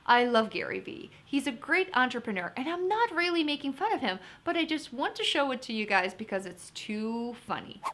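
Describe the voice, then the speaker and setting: A woman's voice: sits high, sing-song, a little fast, few pauses, fairly bright tone. A woman teaching vocabulary in an upbeat, chatty lesson, talking to viewers as guys. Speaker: vocabulary tutor. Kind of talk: lively test-prep lesson.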